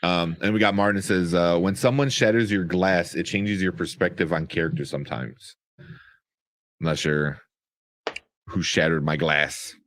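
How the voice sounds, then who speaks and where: A man co-hosting a casual movie review show, animated and profane, laughing often. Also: sits low, moderate pace. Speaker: podcast co-host.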